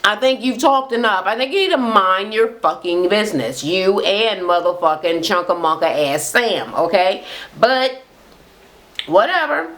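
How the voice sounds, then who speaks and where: A woman's voice: mid-range voice, animated, a little slow, fairly bright tone. Blunt, heated woman ranting a recap. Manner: blunt, heated, heavy swearing. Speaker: reality TV recap vlogger. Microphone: camera mic facing speaker.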